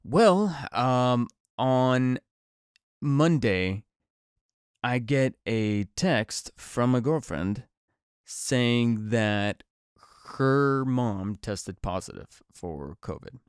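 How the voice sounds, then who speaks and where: This man hosts his own podcast in a casual solo chat, speaking at a medium pitch in an animated way and drawing out his words. His tone is clear and resonant, though a cold leaves him slightly nasal and congested, and he rambles with many fillers and restarts. The sound is dry and studio quality.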